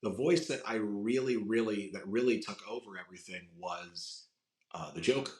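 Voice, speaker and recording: A man with a raspy voice, chatting casually as a podcast guest and telling animated stories with a lot of swearing. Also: fairly low pitch, normal speed. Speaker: guest, voice impressionist. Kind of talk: casual interview chat. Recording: roomy echo.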